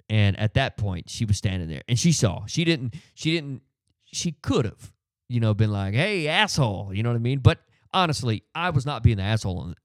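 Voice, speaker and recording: Middle-aged male podcast host, lively swinging delivery, dry close sound, casual profane ranter. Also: on the low side, no echo. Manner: profane, animated storytelling with frequent fillers. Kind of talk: ranting casual monologue.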